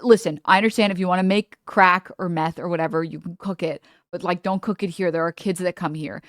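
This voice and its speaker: A woman's voice: fairly low pitch, fairly even intonation, fairly quick, no room sound, studio quality, lightly acted. Woman playing a flustered stranger, stammering apologies. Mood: scolding. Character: alarmed woman scolding a stranger in a parking lot.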